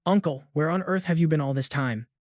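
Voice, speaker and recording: A man's voice: on the high side, brisk, a little mellow, no room sound, clean studio sound, close to an everyday voice. A man voicing a worried young woman, the hero's niece, who talks in an anxious, pleading way.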